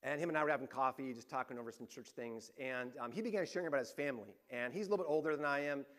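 A male pastor preaching a sermon, telling stories in a lively way that swings between rising emphasis and hushed, quiet points. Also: medium pitch, very fast.

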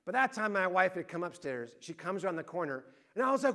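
A middle-aged man preaching a sermon, telling lively family stories and acting out the voices in them. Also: high voice, quick pace, hardly any pauses. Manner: animated storyteller, acting out family arguments loudly. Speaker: pastor.

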